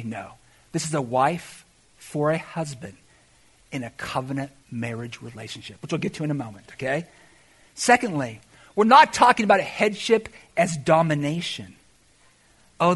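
A male pastor delivers a sermon in a high, lively voice that rises and falls widely. His tone is bright with a husky edge, and he swings from shouted exclamations to soft asides.

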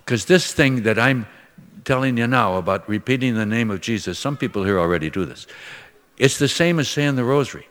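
A man's voice: medium pitch, lively intonation, brisk, a bit bright, long reverb tail. An older man, a priest from Minnesota, preaching in a folksy, conversational way and acting out the voices in his stories. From Minnesota, USA. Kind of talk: sermon with storytelling.

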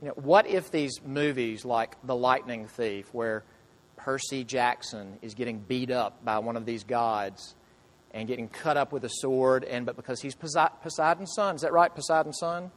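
A man preaching a sermon to his congregation, earnest, asking the listeners question after question and dropping to soft, quiet lines. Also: mid-range voice, moderate pace. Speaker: pastor.

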